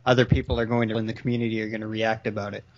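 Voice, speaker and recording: A man's voice: lowish voice, flat delivery, very fast, a little mellow, highs cut off. A man talking animatedly in a casual group call, acting out quoted exchanges. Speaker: podcast host.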